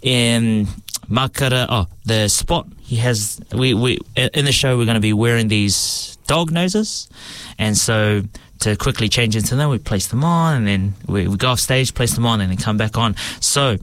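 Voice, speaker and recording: A man's voice: medium pitch, normal speed, no room sound. A man from New Zealand's East Coast with a New Zealand accent, a stage actor chatting relaxedly about his roles. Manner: relaxed and chatty, with many fillers and restarts. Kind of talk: casual interview talk.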